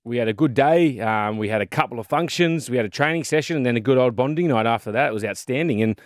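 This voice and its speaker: A man's voice: mid-range voice, fast, no echo, studio quality. Australian man spinning footy stories. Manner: animated storyteller, fillers and mate. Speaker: podcast co-host, former rugby league player. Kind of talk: casual storytelling chat.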